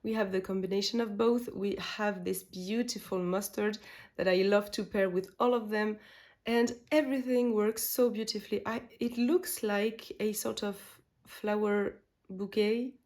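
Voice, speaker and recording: A woman whose first language is French chats excitedly to camera in a beauty vlog. She gushes with enthusiasm and trips into fillers and restarts as she talks. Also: medium pitch, normal speed. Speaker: beauty vlogger. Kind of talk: casual makeup chat.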